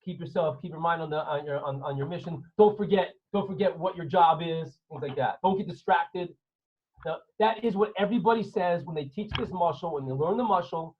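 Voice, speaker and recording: Rabbi guy teaching an online class, jokey n theatrical, high husky voice, a bit muffled like a call. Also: a little fast, a little hiss or hum. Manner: animated, theatrical, joking. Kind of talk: online class storytelling lesson. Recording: slightly dull online call audio.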